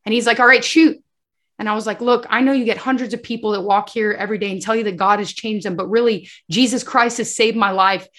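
A woman with a mid-range voice gives an emotional faith testimony as a guest, speaking quickly with few pauses. She tells her story with animation, acts out the dialogue and often addresses the host.

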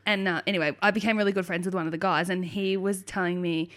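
A woman's voice: fairly low pitch, fast talker. A pregnant woman co-hosting a casual chat, swearing and laughing as she tells stories. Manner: swearing, laughing, animated storyteller. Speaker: podcast co-host.

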